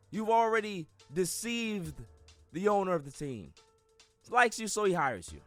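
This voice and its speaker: A man hosting a sports podcast in casual talk, emphatic and animated, often repeating words as he builds a point. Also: fairly high pitch. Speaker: podcast host.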